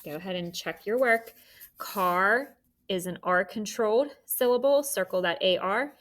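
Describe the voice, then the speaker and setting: A woman teacher guides young students through a phonics spelling lesson. She talks slowly, sounding out each word and letter with careful, deliberate enunciation. Her voice is bright and clear. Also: medium pitch.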